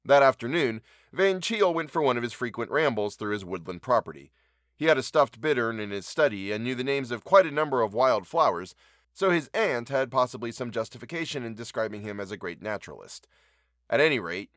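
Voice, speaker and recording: A man reading a classic short story aloud, measured and wry. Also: mid-range voice, fairly bright tone, no room sound, studio quality. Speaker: narrator.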